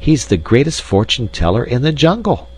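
A man with a low voice voicing an excitable female chimpanzee in a storybook reading, gushing with enthusiasm. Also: unhurried, breathy edge.

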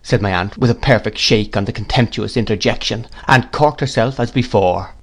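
A man reading a classic novel aloud in a measured, deliberate narration. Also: lowish voice. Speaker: audiobook reader.

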